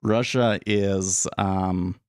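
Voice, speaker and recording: A man's voice: low-pitched, fairly even intonation, extremely slow, a little mellow, clean tone, no echo, clean studio sound. A man hosting a live day trading stream, thinking aloud and rambling in a casual, self-deprecating way. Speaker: day trading livestream host. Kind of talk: live market commentary.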